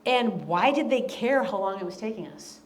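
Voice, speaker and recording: A woman's voice: mid-range voice, lively intonation, normal speed, a little hiss or hum. A woman from the American South, an author giving an earnest, emphatic talk to a room and reading from her own book. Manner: earnest, emphatic, repeats key lines. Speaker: author and speaker. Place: event room before an audience.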